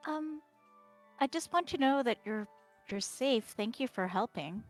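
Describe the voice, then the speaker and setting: A woman's voice: a little high, animated, a little slow, soft background music. A woman playing a tabletop game, chatty and earnest as she speaks in character. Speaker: player. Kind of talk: casual tabletop play.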